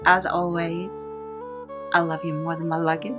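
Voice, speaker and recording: A Californian woman vlogger with a fairly low, level voice speaks at a moderate pace, telling a personal story in a chatty, warm-hearted way. She laughs often and dramatizes the quotes she repeats. Soft instrumental music plays behind her.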